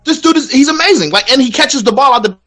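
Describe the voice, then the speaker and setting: A man's voice: extremely high pitch, lively intonation, fast talker, fairly bright tone, soft background music. A man hosting a casual sports talk show, ranting with plenty of profanity. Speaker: podcast host.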